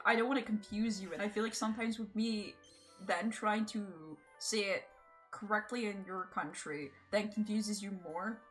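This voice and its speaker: Her voice is medium in pitch and a bit bright. Hailing from Scotland with an accent between Edinburgh and Glasgow, she keeps up relaxed live-stream banter while she games, full of swearing and frequent laughter.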